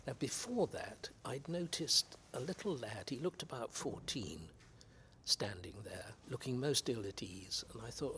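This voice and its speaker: An older man from England's West Country, an actor guest reminiscing in unhurried anecdotes about his career. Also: mid-range voice, expressive, fairly bright tone, a little hiss or hum. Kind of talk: reminiscing interview.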